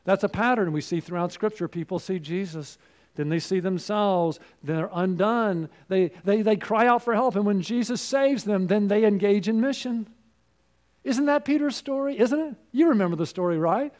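A man preaching a sermon, asking the listeners questions and swinging between loud calls and hushed asides. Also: sits high, normal speed.

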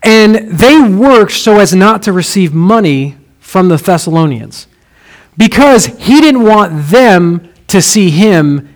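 High-voiced man preaching a sermon. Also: slow, poor audio. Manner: expressive preaching, drops low and soft for emphasis. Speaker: pastor.

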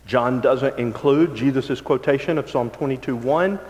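A man preaching a sermon as pastor, reading scripture slowly and swinging between forceful emphasis and hushed, low passages. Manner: dramatic shifts from loud emphasis to hushed low tones; slow, drawn-out scripture reading. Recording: long reverb of a large hall.

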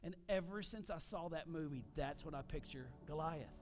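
A man preaching a sermon as pastor, animated, with frequent asides to the congregation. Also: on the high side, normal speed.

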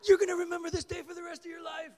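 A man voicing an excited young male Bible college student who shouts his questions with zeal. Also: very high voice, normal speed, in a large hall, pitched above the performer's own voice.

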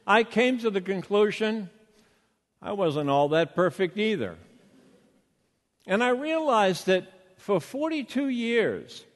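This older pastor with a Boston accent preaches a sermon like he's telling a story, tossing out rhetorical questions. His voice is a bit high and sounds as if it fills a large room.

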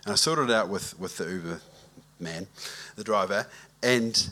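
This pastor's voice is lowish and his pace moderate. His sermon is conversational, built around a relaxed story, and at one point he asks the congregation for a show of hands.

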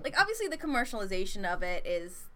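A woman's voice: mid-range voice, sing-song, quick pace, bright, forceful tone. An American woman co-hosting a casual chat podcast, thoughtful and rambling with fillers, often giggling. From United States. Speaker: podcast co-host.

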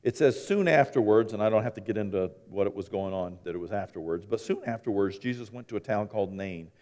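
Animated folksy preacher in a reverberant hall. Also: male voice, on the low side, quick pace. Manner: folksy storytelling, swings from hushed to loud and animated. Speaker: pastor. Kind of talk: sermon.

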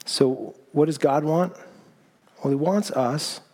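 A man preaching a sermon, telling a personal story in a lively, self-mocking way. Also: fairly high pitch, takes it slowly. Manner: animated storytelling, self-mocking, laughs at himself. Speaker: pastor. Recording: long hall reverb.

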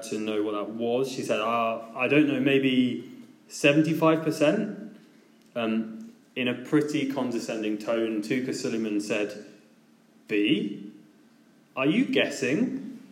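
Preacher in an echoey room. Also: male voice, medium pitch. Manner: conversational storytelling. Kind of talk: sermon.

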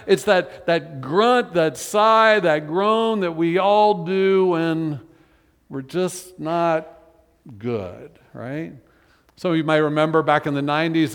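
A male pastor preaching a conversational sermon, voicing drawn-out groans and sighs. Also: fairly high pitch. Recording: long hall reverb.

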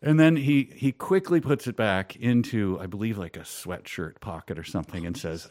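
Low-voiced man telling a rambling story. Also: normal speed, hardly any pauses, a little mellow, dry recording, clean studio sound. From Minnesota. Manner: rambling, self-amused storytelling with frequent laughs. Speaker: storyteller guest. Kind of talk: casual chat.

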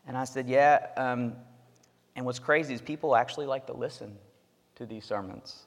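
A man's voice: medium pitch, normal speed, big-room sound. A man in his thirties preaching a sermon as pastor, earnest and conversational, with asides to the congregation.

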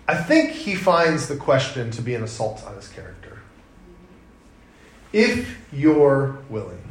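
A man in his thirties delivers a sermon in a loose, conversational way, turning animated when he tells stories. His voice sits a little high for a man. The sound carries the reflections of a large, echoey church room. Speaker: pastor.

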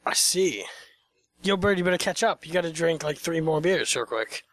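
A man with a fairly high voice chats as a podcast guest. He teases the others and speaks bluntly, dropping swears without a second thought. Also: expressive, moderate pace, a bit bright. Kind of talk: casual drunken chat.

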